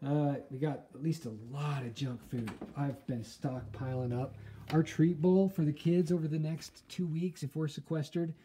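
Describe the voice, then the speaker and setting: A woman's voice: sits low, fairly even intonation, normal speed, warm tone, reverberant, slight background noise. A woman in her thirties, a family vlogger chatting upbeat and straight to viewers at home. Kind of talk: casual home vlog to camera.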